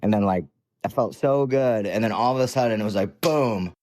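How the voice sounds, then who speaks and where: A man's voice: fairly low pitch, brisk, a little mellow, a little hiss or hum. A young man telling his own story in a casual, rambling way, full of fillers and the odd curse. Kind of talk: casual spoken personal story.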